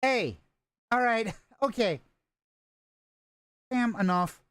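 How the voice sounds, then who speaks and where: A male streamer chats with his viewers while he plays, teasing and cursing in a loose, playful way. His voice swings widely between high and low. The sound is dry and close, with no room around it. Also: animated, slow, fairly bright tone, clear, resonant tone, dry recording. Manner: joking, swears often, talks to chat. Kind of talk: casual gaming stream chat.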